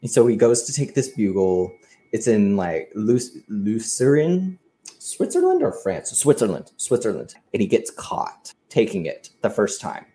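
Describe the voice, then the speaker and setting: A man's voice: on the low side, wildly swooping pitch, a little slow, warm tone. A man co-hosting a podcast, casually retelling a story and acting out the quoted lines with plenty of swearing. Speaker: podcast co-host.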